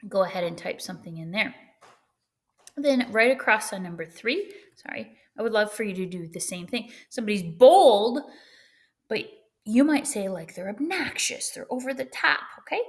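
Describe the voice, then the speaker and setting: A middle-aged woman teacher giving a recorded lesson in a lively way, often checking in with "right?" and "okay?". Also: medium pitch, normal speed.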